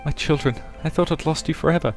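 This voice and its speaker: Man doing a soft-spoken mother, raised pitch, earnest, gentle. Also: quick pace, faint music behind, lightly acted. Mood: grateful. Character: gentle enslaved mother, grateful.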